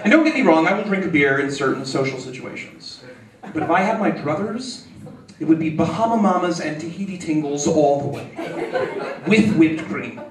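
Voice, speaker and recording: A male stand-up comedian doing a set on a club stage, with animated, exasperated rants and mock outbursts. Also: a little high, normal speed, a crowd in the background. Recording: roomy club sound from far, audience laughter.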